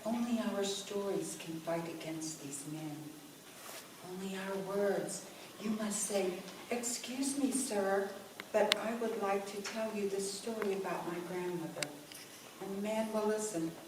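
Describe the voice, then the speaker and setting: A woman voicing an old woman who speaks softly and soothingly, heard from far off in a very echoey room. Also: mid-range voice, unhurried, background noise, close to an everyday voice. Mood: soothing hush. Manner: soft, hushed, soothing. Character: old woman whispering loving comfort. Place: small indoor performance venue. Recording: echoey live stage from far off.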